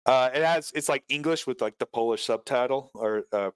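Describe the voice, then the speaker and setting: A man's voice: medium pitch, a little fast, smooth, dry recording. A man narrating a tabletop game as game master, hesitant and full of filler sounds.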